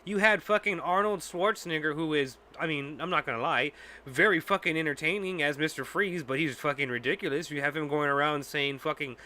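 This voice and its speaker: High, bright-voiced man ranting. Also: brisk. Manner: profane, exasperated ranting. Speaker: podcast host. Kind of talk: casual ranting chat.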